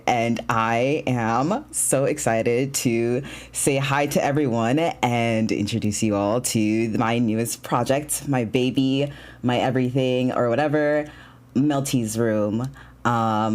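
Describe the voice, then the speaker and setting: A man hosting a casual livestream talk show, bubbly and excitable, chatting and greeting viewers. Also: mid-range voice. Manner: bubbly and excitable, with bursts of shouting and laughter.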